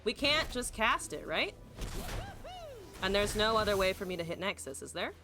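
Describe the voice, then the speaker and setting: A woman's voice: medium pitch, big pitch swings, moderate pace, bright, forceful tone. A woman streamer thinking aloud through a card game, swearing freely and chatting to her viewers. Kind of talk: live gameplay commentary.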